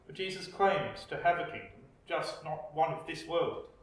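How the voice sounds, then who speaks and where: A man with an Australian accent preaching a reflective sermon as pastor, slow with dramatic pauses. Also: a little high, animated. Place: church. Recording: echoey church, distant mic.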